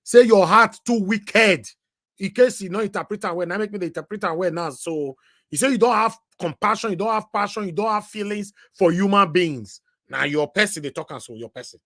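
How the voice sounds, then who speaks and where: High-voiced Nigerian man hosting. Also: fast, pushed and bright, dry recording, studio quality. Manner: conversational, switching into Pidgin. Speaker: host. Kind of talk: live-stream commentary.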